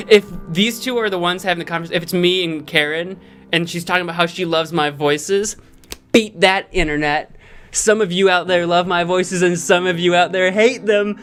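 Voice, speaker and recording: A young man casually commenting on a dating sim game, jokey and rambling, with quick self-corrections. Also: sits high, fairly even intonation, fairly bright tone, faint music behind. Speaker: let's play host.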